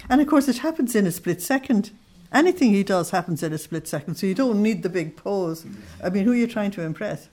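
Lively woman giving a religious talk. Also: mid-range voice, fairly quick. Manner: lively, laughs often, reads quotes aloud with feeling. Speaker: speaker on Christian mysticism. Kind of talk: informal religious talk to a group.

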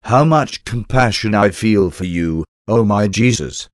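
Man, lowish voice, dry close sound, slow reverent prayer reading in short phrases. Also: animated, dry recording. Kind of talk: reading a devotional prayer aloud.

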